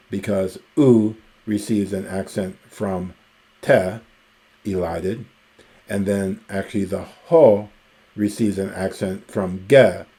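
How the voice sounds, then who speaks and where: A man teaching ancient Greek grammar in a recorded lecture, explaining the rules slowly and methodically and pausing often with ums. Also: low voice, mellow.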